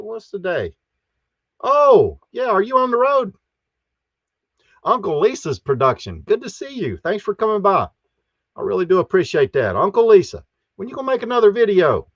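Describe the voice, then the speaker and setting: A man's voice: sits high, very animated, normal speed, pauses often, no room sound, lo-fi sound. Folksy man hosting a live stream. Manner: folksy, greets chat viewers one by one. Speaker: host.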